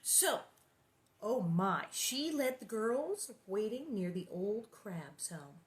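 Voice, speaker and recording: A woman's voice: mid-range voice, very animated, takes it slowly. A woman hosting a read-aloud of a children's book, narrating and breaking off for chatty, amused asides.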